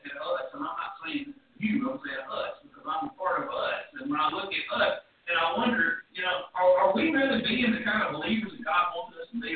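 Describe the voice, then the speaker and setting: A man preaches with fervor, rising to shouts and then dropping to soft, almost whispered words. His voice sits very high and sounds far from the mic. The sound is thin and phone-like, with a heavy echo from the room. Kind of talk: sermon. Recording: echoey distant room, tinny phone-like sound.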